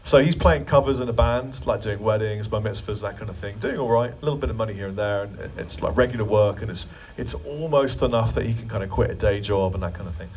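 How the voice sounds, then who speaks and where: Brief: lowish male clinician, joking storyteller, picked up from a distance in a store with faint background hum. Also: fast talker, few pauses, darkish tone. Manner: chatty, joking asides. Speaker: guitar clinician.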